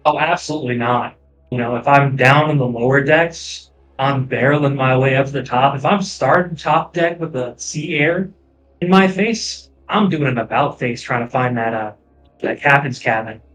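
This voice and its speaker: A man's voice: medium pitch, moderate pace, fairly bright tone, faint music behind, low-quality recording. A man talking casually as a player at a tabletop game, eager and joking.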